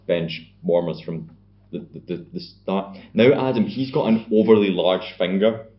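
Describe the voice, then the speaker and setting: A man's voice: low-pitched, moderate pace. A young Scottish man co-hosting a podcast, bantering casually and swearing freely as he recaps a film. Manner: banterous, swearing, acts out scenes in put-on voices. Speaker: podcast co-host. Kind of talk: casual chat. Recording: dull lo-fi sound.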